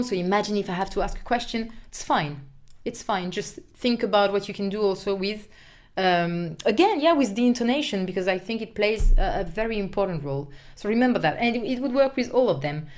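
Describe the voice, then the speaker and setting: Female French teacher, clear and deliberate, recorded lesson. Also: medium pitch. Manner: clear, deliberate explanations with marked question intonation.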